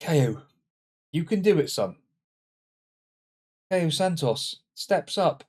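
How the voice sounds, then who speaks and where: A man commenting on his own football management game, swinging between loud exclamations and muttered asides. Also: a little high, lively intonation, slow pace, slightly rough. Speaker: gaming channel host. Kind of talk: let's-play commentary.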